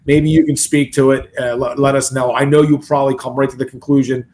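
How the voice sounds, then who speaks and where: A man's voice: medium pitch, flat delivery, quick pace, darkish tone, slight background noise. A man co-hosting a music reaction video, chatting casually and thinking aloud with many restarts. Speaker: reaction channel co-host. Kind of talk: casual chat reacting to a song.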